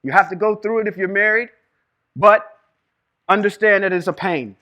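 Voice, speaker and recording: A man teaching Hebrew reading and scripture to a live group, lively and quizzing the room with questions. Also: high voice, normal speed. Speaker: Bible teacher. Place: room with a small live audience.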